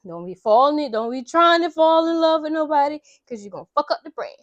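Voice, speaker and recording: A woman's voice: high voice, lively intonation, fast, no room sound, dull audio. A woman voicing a pushy male movie manager who lays down strict rules in a bossy, slangy way. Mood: stern.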